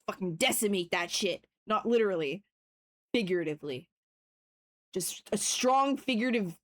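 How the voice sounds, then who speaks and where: A woman chatting casually on a live stream, excitable and swearing freely, bursting into yells and then apologizing. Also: mid-range voice. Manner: swears freely, playful trash talk. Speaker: livestreamer sculpting on stream.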